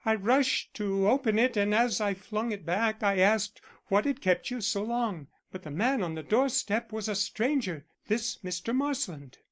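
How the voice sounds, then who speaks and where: A man's voice: high-pitched, unhurried, few pauses, a bit bright, voice pushed up. A man reading the part of a composed young woman who speaks firmly, in an audiobook. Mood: recounting. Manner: firm, matter-of-fact.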